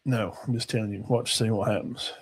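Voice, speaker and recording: A man's voice: on the low side, fairly quick, husky. Folksy man rambling about football. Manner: rambling, folksy, trails off into mumbles. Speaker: sports talk show host. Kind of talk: casual sports talk.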